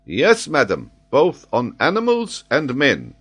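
A man voicing an excitable, impetuous French scholar in an audiobook, speaking vehemently and emphatically. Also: mid-range voice, slow, husky, pitched above the performer's own voice, heavily acted. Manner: vehement, emphatic, eager to astonish.

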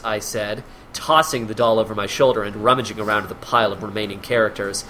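A man's voice: fairly low pitch, steady tone, brisk, hardly any pauses, pushed and bright, slight background noise. A man hosting a comedy podcast, reading a column aloud in a mocking way and laughing often.

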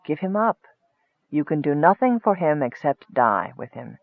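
Guy doing a low hissy sneering wizard, coughy and frail, dry tinny audio. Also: moderate pace, no echo. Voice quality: soft hissing voice. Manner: calm, sneering. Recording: tinny phone-like dry sound.

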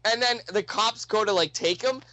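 A man's voice: high voice, normal speed, pushed and bright, no echo, rough recording. A young man telling a wild story in casual, profane speech, laughing often and acting out the people in it.

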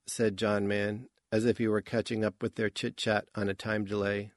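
A male audiobook narrator reads science fiction in a measured, even storytelling style. His voice is lowish, and the recording is dry with clean studio sound. This is scripted narration.

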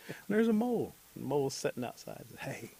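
A man telling a folk tale aloud in an animated, chatty way, with asides to his listener. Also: fairly high pitch, fast, vocal fry, slightly rough, poor audio. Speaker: storyteller. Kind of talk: oral folk storytelling.

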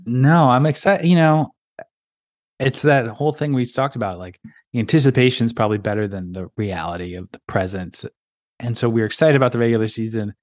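A man co-hosting a sports podcast in casual chat, relaxed and opinionated. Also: mid-range voice, brisk, dry recording. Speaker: podcast co-host.

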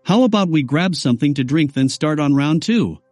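An eager, playful young woman, as a male narrator voices her in a story reading. His delivery swings lively in pitch, with faint music behind. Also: fairly quick, dry recording.

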